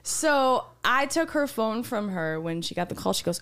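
A woman's voice: a little high, lively intonation, normal speed, fairly bright tone, clean tone. A woman co-hosting a casual podcast, telling a story and acting out quoted voices with big jumps. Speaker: podcast co-host. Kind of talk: casual chat.

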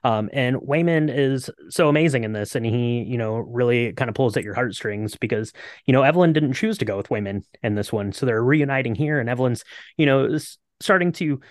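A man's voice: mid-range voice, a little fast, no echo, studio quality. A man co-hosting a podcast, talking casually about a movie with a lot of hesitant fillers. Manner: rambling, lots of hesitant fillers. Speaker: podcast co-host.

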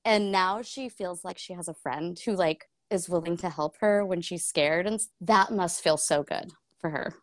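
A woman's voice: on the low side, normal speed, few pauses, dry recording, studio quality. Laughing, candid young woman talking books. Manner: laughing often, candid, swears casually. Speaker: book club podcast co-host. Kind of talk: casual chat.

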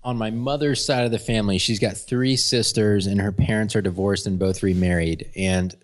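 A man's voice: on the low side, fairly even intonation, moderate pace. A man from Atlanta chatting easily and wryly as an interview guest. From Atlanta, US South. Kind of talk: casual interview chat.

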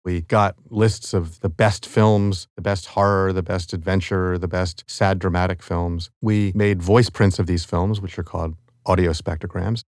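Low-voiced middle-aged male professor explaining. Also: fairly even intonation, darkish tone, no room sound, clean studio sound. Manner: explanatory, measured, academic. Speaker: professor of ecology and evolutionary biology. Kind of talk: interview clip in a narrated podcast.

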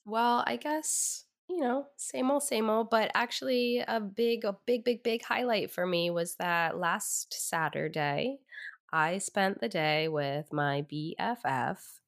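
A woman's voice: mid-range voice, takes it slowly. A woman hosting a podcast, chatting casually with a playful, teasing manner. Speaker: podcast host.

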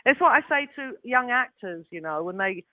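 A woman in her sixties with a London Cockney accent, telling animated stories with laughs as a guest actress. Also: on the high side, normal speed, crowd noise. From London, England. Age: 60s. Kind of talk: casual anecdote. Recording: tinny phone-like audio.

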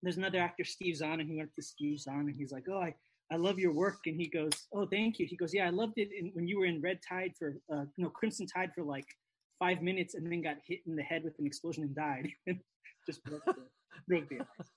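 A man chatting casually as a host, telling animated anecdotes and acting out the people in them. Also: a little high, a little fast, breathy edge. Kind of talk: casual chat.

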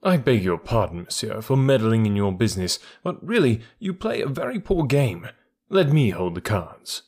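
A man voicing a cool, commanding gentleman burglar in an audiobook, with a measured, sneering manner. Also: on the low side, very animated, husky, exaggerated voice. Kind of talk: audiobook character reading.

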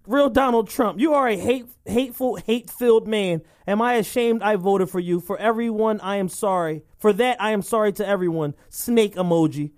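A man co-hosting a podcast, riffing and joking in an animated, casual way. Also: sits high, moderate pace, hardly any pauses. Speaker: podcast co-host. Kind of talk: casual chat.

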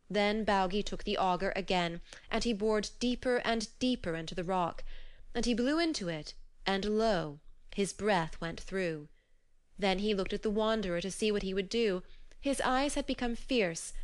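Smooth-voiced woman reading myths aloud. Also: medium pitch. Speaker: audiobook narrator. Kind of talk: scripted storybook narration.

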